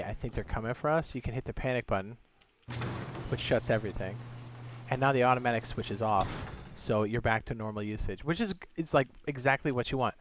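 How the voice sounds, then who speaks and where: A young man talking loosely on a gaming stream at a middle pitch, thinking aloud and chatting with viewers as he works. Faint background noise and mouse clicks sit under his voice. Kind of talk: casual gaming livestream commentary.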